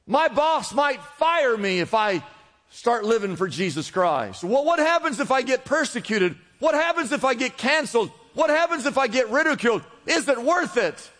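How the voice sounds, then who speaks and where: A man preaching a sermon with a high, bright voice. His delivery swells with fervor and repeated calls to keep going. The sound carries a long reverb from a large church hall. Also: very animated, normal speed. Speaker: pastor.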